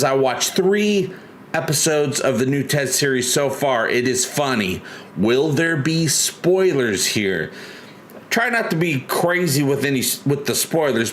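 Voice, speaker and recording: This livestream host is a man with a mid-range, fairly bright voice, heard over slight background noise. He chats loosely and rambles, reading viewer comments aloud as he goes.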